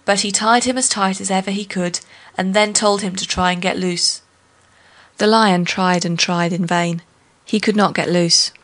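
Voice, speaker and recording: Female storyteller, steady folk-tale reading. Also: medium pitch, normal speed.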